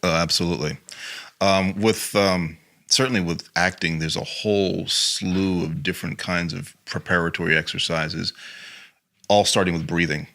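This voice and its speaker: Deep-voiced man, rambling interview guest. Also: steady tone, normal speed, pushed and bright. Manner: rambling, full of "you know" fillers. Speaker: guest, acting and improv teacher. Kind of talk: casual interview chat.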